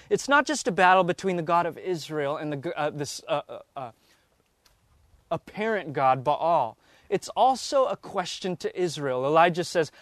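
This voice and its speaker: Guy reading bible verses and unpacking them, bit high voice, dry close sound. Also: dry recording. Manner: reads verses aloud, then stops to explain. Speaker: Bible teacher. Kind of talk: scripture reading and teaching.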